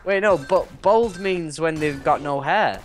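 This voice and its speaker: A man co-hosting a casual gameplay session, goofy and laughing often, his pitch jumping high when he jokes. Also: unhurried, faint music behind. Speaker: gaming co-host.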